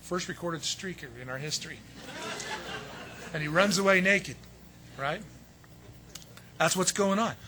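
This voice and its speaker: A man preaching a sermon, telling the story in a lively way and acting out the voices of the people in it. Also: high voice, unhurried, pauses often, a little hiss or hum. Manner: animated storytelling, acts out voices of biblical figures. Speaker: pastor.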